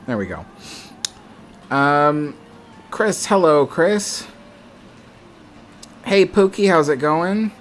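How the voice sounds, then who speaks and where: A man's voice: a little high, lively intonation, extremely slow, pauses often, slight background noise. A man hosting a live stream, chatting casually and reading viewer comments aloud with frequent ums. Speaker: livestream host.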